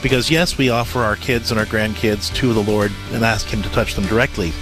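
A middle-aged man hosting a call-in parenting advice radio show, talking fast and animated, often repeating words as he starts a thought. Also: lowish voice, music in the background.

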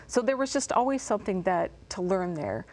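A woman's voice: mid-range voice, expressive, brisk, a little mellow. A woman in her fifties from West Virginia, a talk show guest, speaking in a chatty way.

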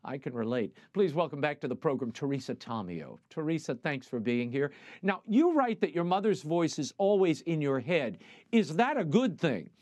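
A man hosting a broadcast program, reading the news and interviewing a guest in a measured newsreader manner. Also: fairly high pitch, big pitch swings, a little mellow, no room sound. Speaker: TV host.

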